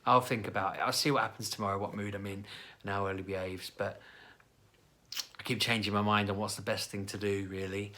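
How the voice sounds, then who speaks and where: Chatty dad with a bright tone. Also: male voice, little pitch movement, brisk. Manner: chatty, acts out quoted lines with sudden high-pitched voices. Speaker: parent vlogger. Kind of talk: casual storytelling to camera.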